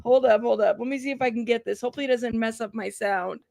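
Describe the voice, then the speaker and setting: Brief: high-voiced woman host, bubbly, greets her chat, dry close mic. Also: fast talker, gravelly, no echo. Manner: bubbly, shouting out chat members by name. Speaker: livestream host. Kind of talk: casual livestream chat. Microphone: plug-in mic at a computer.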